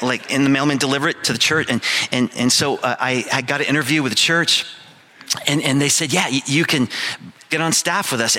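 Man, 50s, pastor, sermon, bright tone, candid, storytelling, emphatic repeats. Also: medium pitch.

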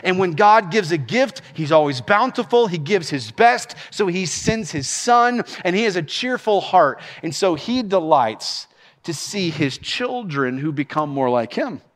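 A man's voice: high voice, a little slow, long reverb tail. A middle-aged man, a senior pastor preaching a sermon and laughing as he tells stories. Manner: animated storytelling preacher, laughs while telling stories.

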